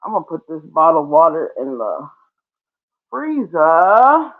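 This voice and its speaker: A woman's voice: low-pitched, very animated, unhurried. A woman hosting a casual live stream, chatty and playful, laughing often between remarks. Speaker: livestream host. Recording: tinny phone-like sound.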